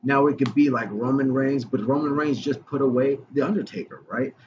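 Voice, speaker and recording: Excitable man talking wrestling. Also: medium pitch, fairly quick. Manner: excitable, swears a lot, says bro and dude. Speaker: podcast co-host. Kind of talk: casual chat about wrestling. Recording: lo-fi with clear background noise.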